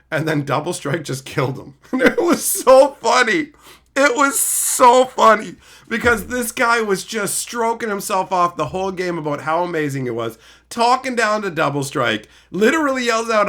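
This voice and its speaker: A middle-aged man chatting casually on a live stream, reading chat and telling animated, profane stories. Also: on the high side, normal speed. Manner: animated, profane storytelling, mimics people.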